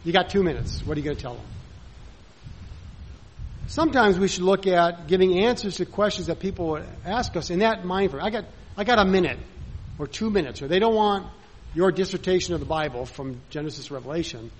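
A man's voice: high voice, expressive, fairly quick, a little hiss or hum, poor audio. A man preaching a sermon in a conversational way, full of rhetorical questions and acted-out bits of dialogue.

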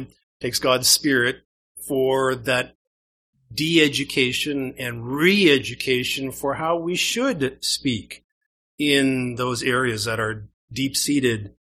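A man's voice: mid-range voice, sharp tone. A man from Canada with a Canadian accent, preaching a sermon to a congregation in a conversational way and asking them questions. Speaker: pastor. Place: church.

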